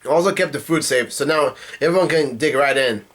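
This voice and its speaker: Man reading brash young pirate captain lines, flat read-aloud, no big voice. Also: fairly high pitch, brisk, close to an everyday voice. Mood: plain. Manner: plain read-aloud delivery of comic dialogue.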